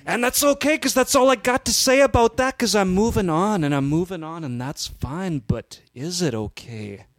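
A man's voice: high voice, expressive, moderate pace, dry recording, studio quality, pitched above the performer's own voice. A man doing a melodramatic wrestler impression. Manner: melodramatic, building and rising loud. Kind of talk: comedic impression.

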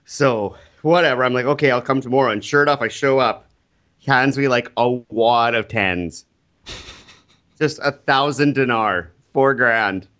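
A man who is a teacher, telling a story in casual chat, animated and acting out the people he quotes. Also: mid-range voice, a little slow.

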